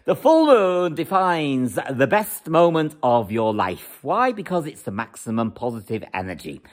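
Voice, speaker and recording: A man's voice: mid-range voice, big pitch swings, a little slow. A man giving a weekly spiritual teaching, emphatic and repetitive, full of rhetorical questions. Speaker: religious teacher.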